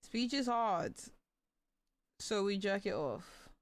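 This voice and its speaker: A woman's voice: medium pitch, lively intonation, slow pace. A playful young woman, chatting casually while gaming and singing along goofily. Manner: playful, sings along to songs, goofy. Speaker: streamer.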